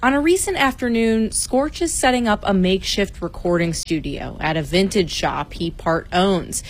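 Lady reporter reading a radio news story, even and clear, mid pitch. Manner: measured, clear reporter's read. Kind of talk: scripted news narration.

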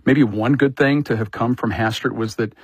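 A man politics editor with a husky voice, explaining things conversationally in a radio interview. The sound is close and dry. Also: medium pitch, fairly even intonation, normal speed, dry recording, muffled recording.

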